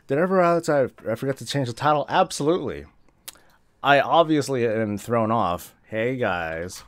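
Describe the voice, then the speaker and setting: A man's voice: medium pitch, expressive, normal speed. A man hosting a casual morning live stream, rambling and self-deprecating as he chats with viewers.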